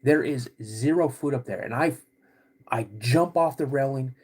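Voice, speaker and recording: Husky-voiced man telling a story. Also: medium pitch, darkish tone. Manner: halting, with frequent restarts and "like". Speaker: podcast host. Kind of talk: personal storytelling.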